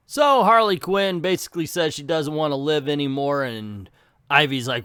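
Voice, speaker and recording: A man's voice: on the high side, normal speed, a bit bright, clean tone, dry recording, clean studio sound. A man hosting a casual comic book review, talking in a chatty, enthusiastic way with asides.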